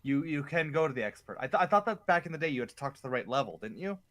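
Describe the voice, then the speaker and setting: A man's voice: on the high side, animated, very fast, fairly bright tone. Chatty man rambling over a game. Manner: rambling, chatty storytelling with fillers. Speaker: co-op gamer. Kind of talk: casual chat while gaming.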